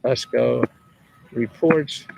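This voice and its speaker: A man's voice: medium pitch, extremely slow, vocal fry, a little mellow, breathy edge. A man in his seventies, chatting casually and rambling as he answers viewers' questions, chuckling often and swearing freely. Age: 70s. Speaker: host answering viewers' questions about government money. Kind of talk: casual livestream chat.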